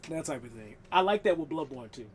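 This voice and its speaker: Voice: mid-range voice, animated, fairly quick, a little hiss or hum. A live streamer chatting casually while gaming, rambling and swearing, laughing often.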